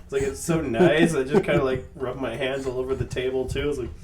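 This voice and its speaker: A young man in casual chat, telling stories in an animated, playful way with loud bursts of laughter. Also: medium pitch, fast talker, music in the background. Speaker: podcast co-host.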